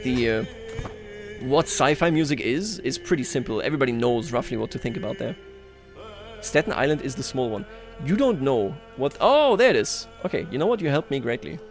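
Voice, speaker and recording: Streaming a strategy game, this man chats casually with his viewers, poking fun at himself and chuckling a lot. His medium-pitched voice is very animated and brisk, with faint music playing behind him.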